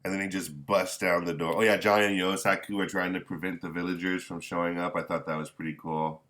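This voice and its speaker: A man chatting casually as a manga reviewer, rambling and halting, with candid, mildly profane remarks. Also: low-pitched, flat delivery, fairly bright tone. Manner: rambling, halting with many restarts. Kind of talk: casual chat.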